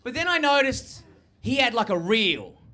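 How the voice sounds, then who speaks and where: A young adult man with an Australian accent performing a stand-up comedy set, high-energy, brash and full of swearing. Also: very animated, normal speed, bright, forceful tone, slight background noise.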